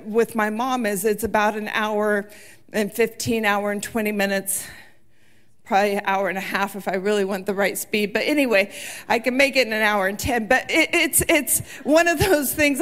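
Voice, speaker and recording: A woman's voice: a little high, a bit bright. A woman in her forties giving a sermon, telling personal stories in an earnest, heartfelt way. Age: 40s. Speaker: church speaker.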